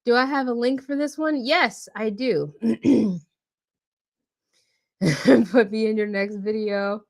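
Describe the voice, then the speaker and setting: A woman's voice: a little high, takes it slowly, creaky. A woman hosting a live stream, out of breath and laughing as she reads viewer comments aloud and answers them by name. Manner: chatty, laughs often, warmly addresses chatters by name. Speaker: livestream host.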